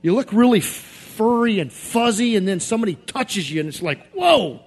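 A man preaching a sermon in a repetitive, emphatic cadence, swinging from quiet confession to shouted outbursts. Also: sits high, expressive, normal speed.

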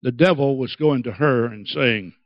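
A man preaching a sermon, dramatic and acting out quoted voices with big swings in pitch. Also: normal speed, dry recording, muffled recording. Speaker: pastor.

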